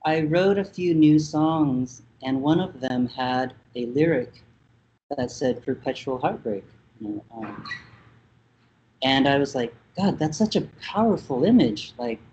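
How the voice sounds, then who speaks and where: A Vietnamese-born man in his thirties speaks slowly and thoughtfully, pausing often on fillers. His voice sounds mellow and warm. It reaches us through dull, lo-fi remote audio with a faint hiss behind it. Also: on the high side, expressive. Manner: thoughtful, hesitant with many fillers. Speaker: musician guest. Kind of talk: casual interview talk.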